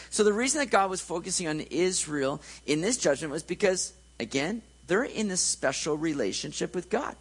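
A man's voice: sits high, lively intonation, moderate pace, hardly any pauses, breathy edge, rough recording. A man preaching a conversational sermon, joking and checking in with his listeners.

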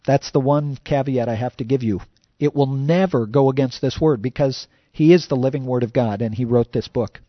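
A man's voice: mid-range voice, normal speed, no echo, highs cut off. A man preaching a sermon as a pastor, conversational and full of "you know" fillers.

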